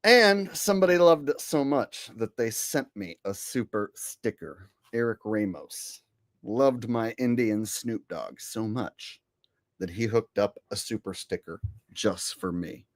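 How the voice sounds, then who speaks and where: A man's voice: fairly low pitch, animated, a little slow, no echo, clean studio sound. A man hosting his own livestream, talking in a rambling, profane, blunt way. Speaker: channel host. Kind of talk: casual livestream talk.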